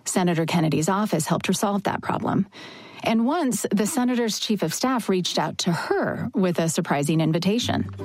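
A woman giving measured, scripted narration. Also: medium pitch, animated, dry recording.

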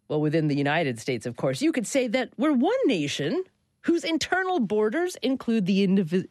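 Measured public radio host, a woman. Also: on the low side, a little mellow, no echo, clean studio sound. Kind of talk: public radio talk show hosting.

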